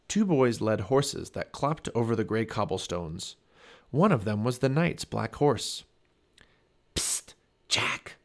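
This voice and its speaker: Man reading a storybook with lively pitch. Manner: expressive storybook narration. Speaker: family podcast reader. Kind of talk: reading a children's chapter book aloud.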